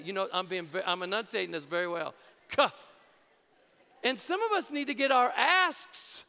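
Casting note: man pastor, energetic joking sermon, lively pitch, gravelly edge, reverberant church hall. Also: fairly quick. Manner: energetic, jokey preaching with rising shouts. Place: large church auditorium.

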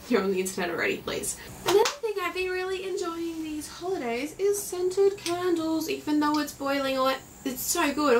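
A bubbly Australian teenage girl rambles through a casual vlog from her bedroom, her voice sitting a little high. She sounds a bit off from the mic, with a faint hum of room noise behind her. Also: distant mic. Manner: bubbly, rambling, acts out stories with silly voices. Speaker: vlogger.

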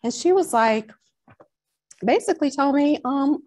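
Speaking in a high voice without hurrying, a Long Island woman with a New York accent co-hosts a podcast and shares a personal faith story casually. Her telling is animated, and she drifts into a New York drawl.

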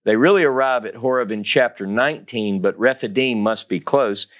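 A man's voice: medium pitch, moderate pace, fairly bright tone. A man giving a Torah teaching, reading scripture dramatically and stressing key phrases by repeating them. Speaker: Bible teacher.

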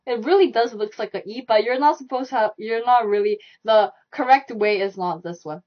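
A young woman leads a live online language lesson, talking through each stroke and repeating sounds again and again. Her voice sits slightly high. The stream audio is dull and lo-fi. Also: a little fast. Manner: repetitive, demonstrating sounds and strokes aloud. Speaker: Korean language teacher.

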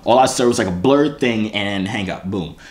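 A young man with a somewhat low voice recounts a story to his camera in a loose vlog style. He rambles, restarts sentences and leans on slang, talking with animated, offhand energy. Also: normal speed. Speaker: vlogger. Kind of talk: casual story time.

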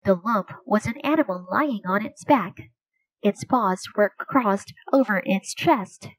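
Slow, gentle woman reading a children's story. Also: medium pitch, animated, dry recording, poor audio. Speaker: storybook reader. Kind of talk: children's story read aloud.

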